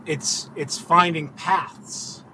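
A high-pitched man speaking extremely slowly tells stories from inside a car; he's a podcast host and rideshare driver. The casual chat is animated and full of swearing and acted-out quotes, recorded in a noisy car interior with vehicle ambience behind him.

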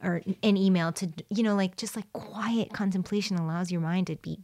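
A woman's voice: medium pitch, a little fast, a little mellow, no echo. A woman naturopath chatting casually as a podcast guest, acting out the voices of her patients.

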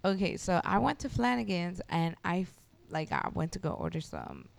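A young woman who is a guest on a podcast, telling a story in casual, animated chat and swearing freely. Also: lowish voice, normal speed, gravelly.

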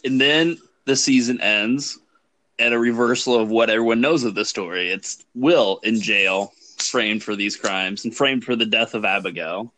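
A man co-hosting a casual podcast, explaining his views in a measured, thoughtful way. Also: on the low side, sharp tone, dry recording. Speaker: podcast co-host. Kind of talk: casual chat.

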